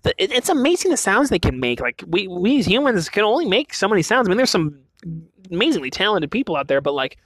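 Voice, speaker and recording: A man's voice: sits high, big pitch swings, fast talker, a bit bright, no room sound. A young man from the western US talking casually on his own, rambling with many restarts and fillers. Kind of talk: casual monologue.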